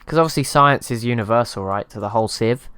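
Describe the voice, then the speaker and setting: A man's voice: medium pitch, fast talker, fairly bright tone, clear, resonant tone, dry recording. A man hosting his gaming channel, giving casual, rambling commentary over strategy gameplay and laughing at himself. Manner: rambling, self-deprecating, chuckles at himself.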